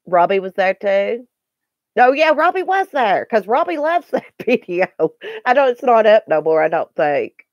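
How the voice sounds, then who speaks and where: A woman's voice: medium pitch, lively intonation, normal speed, no room sound, lo-fi sound. A Southern woman hosting a casual livestream, chatting folksily with viewers by name and reading the chat. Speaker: YouTube livestream host.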